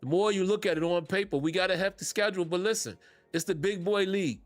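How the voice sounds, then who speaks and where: A fast-talking man with a high-pitched voice hosts a casual sports fan podcast, peppering his talk with laid-back Southern-tinged slang and laughing a lot. There's faint music behind him on a dry recording.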